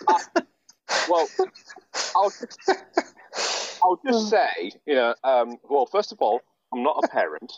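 A man's voice: medium pitch, huge pitch swings, slow, vocal fry, pauses often, no echo, lo-fi sound. A man in casual chat, sardonic and sweary, ranting as he mimics characters.

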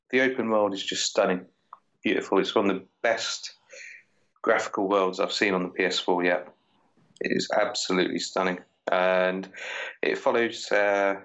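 A fairly low-voiced man talking casually on a podcast, describing a game with enthusiasm and steady detail. The recording has a dull, lo-fi tone. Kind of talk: casual chat. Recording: dull lo-fi audio.

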